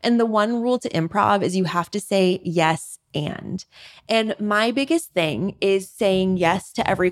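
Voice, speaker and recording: A young woman hosting a podcast, telling stories casually, full of "like" fillers and acted-out quotes. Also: mid-range voice. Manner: chatty, frequent "like", animated rants with acted-out quotes. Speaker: podcast host. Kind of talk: casual storytelling monologue.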